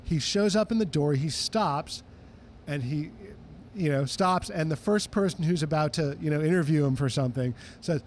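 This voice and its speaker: Animated high-voiced male storyteller. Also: normal speed, slight background noise. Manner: animated, acts out quoted voices. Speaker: guest, music historian. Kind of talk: casual interview storytelling.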